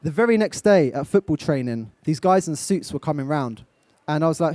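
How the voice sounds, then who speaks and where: A man's voice: on the high side, lively intonation, a little fast, a little mellow, no room sound. A young man from England giving a live motivational talk, direct and coaching, putting questions to his audience. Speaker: motivational speaker. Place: event stage.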